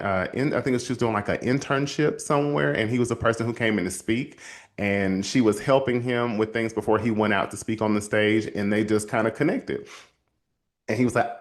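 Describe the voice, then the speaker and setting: Man, motivational host, storytelling, animated, voices the people he quotes, casual y'all talk. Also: mid-range voice. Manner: addresses listeners as y'all. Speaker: host and counselor.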